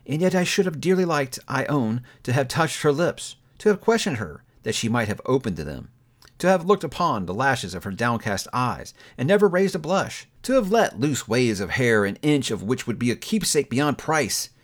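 A man's voice: medium pitch, big pitch swings, moderate pace. A man reading a classic novel aloud, telling it expressively and building emphasis through long lists. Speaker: audiobook reader.

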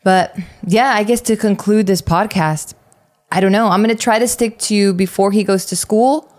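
A woman's voice: medium pitch, normal speed, a little mellow. A woman co-hosting a podcast, chatting casually about parenting, swearing freely, with lots of fillers. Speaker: podcast co-host.

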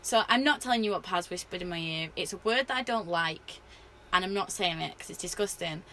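A woman wrestler telling stories in a casual interview, animated and full of fillers. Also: on the low side, brisk, slight background noise. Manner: animated storyteller, many fillers.

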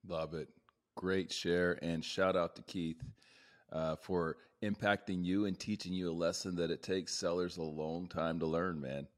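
A man's voice: low-pitched, steady tone, unhurried. A man hosting a sales podcast, praising his guest and setting up questions with playful enthusiasm. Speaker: podcast host. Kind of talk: casual podcast interview.

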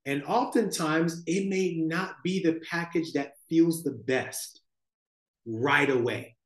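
Male podcast guest, slightly high voice, reflective spiritual talk, echoey room sound. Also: fairly bright tone. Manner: slow, thoughtful, spiritual tone with frequent "like" and "right?". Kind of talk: reflective conversational storytelling.

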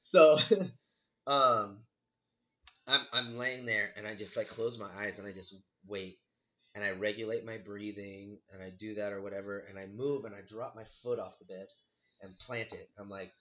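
A man's voice: lowish voice, fairly even intonation, moderate pace, a bit bright, lo-fi sound. A young man casually telling a friend a scary story from his past, swearing freely and acting out his own reactions.

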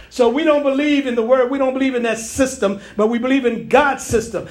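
A man's voice: extremely high pitch, fairly quick, hardly any pauses. A man, a pastor, preaching a prophetic sermon to online viewers, repeating and restarting phrases as he goes. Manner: preachy, repetitive, stammering restarts.

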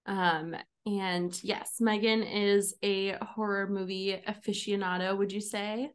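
A woman's voice: mid-range voice, little pitch movement, slow. A young woman hosting a podcast, chatting casually with friends and laughing often. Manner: giggly, chatty, many "like"s. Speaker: podcast host. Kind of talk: casual chat.

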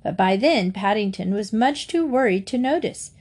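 A woman reading a children's storybook aloud in a gentle, steady storytelling manner. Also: mid-range voice, normal speed. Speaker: storybook reader.

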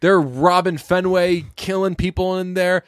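A man's voice: sits high, steady tone, measured pace, clear, resonant tone, no echo, studio quality. A young man from the Boston area, co-hosting a podcast in casual, rambling chat, peppered with swearing. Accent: faint Boston. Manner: rambling, swears, quotes people in voices. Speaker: podcast co-host.

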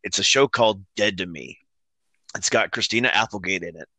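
Bright-voiced man telling stories casually. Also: on the low side, fairly quick, no room sound. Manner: relaxed storytelling with laughs and frequent fillers. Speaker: co-host. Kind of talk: casual chat.

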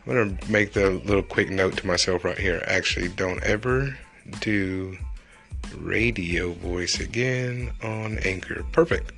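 A man's voice: low voice, a little slow, creaky, soft background music. A young man, rambling and joking through a casual solo podcast. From Texas. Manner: rambling, joking, animated asides. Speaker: podcast host.

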